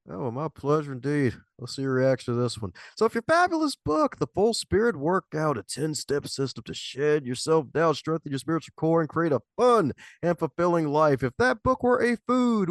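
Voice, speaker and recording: A man's voice: fairly high pitch, lively intonation, normal speed, no room sound, clean studio sound. A man hosting a podcast interview in a casual, playful way, laughing often and repeating his catchphrase. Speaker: podcast host.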